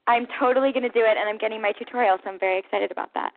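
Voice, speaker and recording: A woman calling in as a guest, gushing and affectionate, saying she has to run. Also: fairly high pitch. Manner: warm, gushing, quick to say goodbye. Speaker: guest actress. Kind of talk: radio call-in chat. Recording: tinny phone line.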